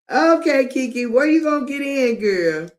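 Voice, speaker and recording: A middle-aged woman hosting a live commentary stream, talking emphatically and drawing out words, with frequent laughs. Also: high-pitched. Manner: emphatic, drawn-out, laughs often.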